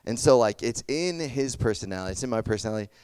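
A man's voice: medium pitch, lively intonation, quick pace, darkish tone, clear, resonant tone, dry recording. A young man giving a casual sermon, chatty and full of fillers, checking in with "okay?" and "does that make sense?". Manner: conversational, lots of fillers and "okay?" check-ins. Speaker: youth pastor.

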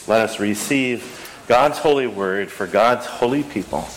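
A pastor with a lowish, unhurried voice leads a church service, reading liturgy and prayers and chatting casually with the congregation between them. He sounds out of breath. The long reverb of the sanctuary comes through with faint ambience and a slight hiss or hum.

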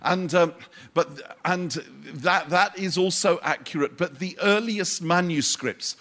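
A man preaching a sermon, unhurried and pausing for emphasis, with dry asides. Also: sits high, fairly bright tone.

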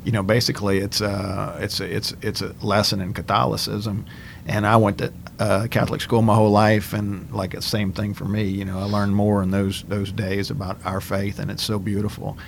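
Cajun male host, low gravelly voice, relaxed and friendly, restarts his questions, light background hiss. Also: moderate pace. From South Louisiana. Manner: friendly, laughs often, many restarts. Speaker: interviewer. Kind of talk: conversational interview.

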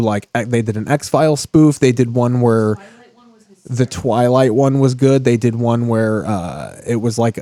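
A man's voice: medium pitch, dark tone, dry recording. A man in his thirties hosting a casual TV-watching chat, joking crudely and riffing. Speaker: podcast host.

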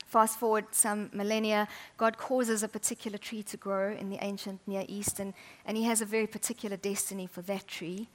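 A woman preaching a sermon, chatty and humorous, often dropping to soft, intimate tones. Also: medium pitch, flat delivery, a little fast, few pauses.

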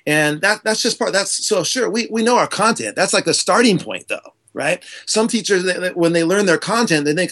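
A man speaks with fierce conviction, leaning hard on his key points. His voice sits a little high for a man. He gestures as he talks, and it carries into his delivery. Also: animated, fairly quick, few pauses, a bit bright. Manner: passionate, emphatic, gesturing while talking. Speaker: guest, author and speaker on teaching. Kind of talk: animated podcast conversation.

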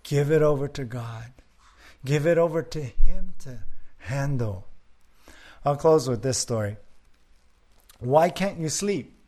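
Pastor, male, slow earnest delivery, prayerful sermon, mid-pitch. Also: warm tone. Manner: earnest, repetitive rhetorical questions.

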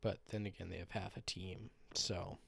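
Casual low-voiced male podcaster. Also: steady tone, normal speed, creaky, husky, no room sound, clean studio sound. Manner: loose, rambling and joking, with swearing. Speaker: podcast host. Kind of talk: casual solo podcast chat. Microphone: podcast microphone.

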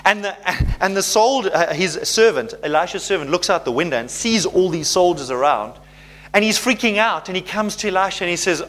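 A man preaching a sermon, animated and conversational, often checking in with his listeners. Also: high-pitched, brisk. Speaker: pastor.

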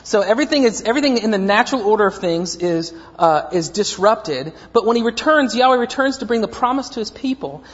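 A man's voice: high voice, animated, brisk, hardly any pauses. Guy preaching, jokey self-mocking stories, echoey church, kinda muffled old recording. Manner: humorous storytelling, self-mocking asides. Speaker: pastor. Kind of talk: sermon. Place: church sanctuary.

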